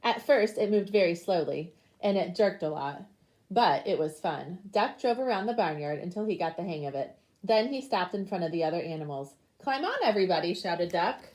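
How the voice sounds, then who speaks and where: Teacher lady doing a kids storybook read-aloud, lowish voice, swoops up and down a lot. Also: normal speed. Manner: lively storytelling with animal sounds. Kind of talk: picture book read-aloud.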